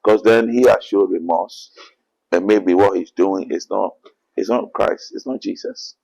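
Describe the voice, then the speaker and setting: A man's voice: low-pitched, steady tone, measured pace, gravelly, a little mellow, dull audio. A man with a Ghanaian accent, an apostle answering interview questions in an earnest preaching manner, often quoting scripture. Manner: earnest, quotes scripture, rising to emphatic bursts.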